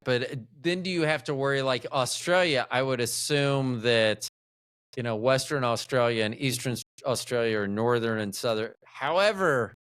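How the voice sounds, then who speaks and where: A man's voice: medium pitch, a bit bright, smooth, no echo, studio quality. A middle-aged American man hosting a casual interview, thinking aloud and rambling with frequent restarts. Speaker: podcast host.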